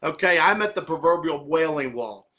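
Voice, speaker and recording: A man preaches in a casual, conversational way, circling back to rephrase each question and checking in with a quick "okay?" His voice sits a little high and sounds bright and forceful. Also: animated. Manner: repeats and rephrases questions, direct address with "okay?". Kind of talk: conversational sermon.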